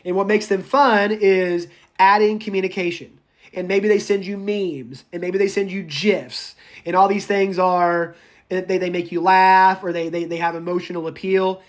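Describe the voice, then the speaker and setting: A man lectures his college public speaking class over an online chat. He is animated and joking, and he drags single words out slowly to stress them. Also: sits high.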